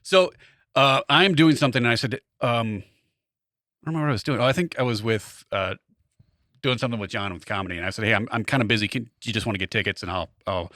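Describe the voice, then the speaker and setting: A man's voice: medium pitch, quick pace, no echo, studio quality. A man co-hosting a podcast, a comedian telling a story in casual chat, acting out the quotes. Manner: animated, acts out quotes in other voices.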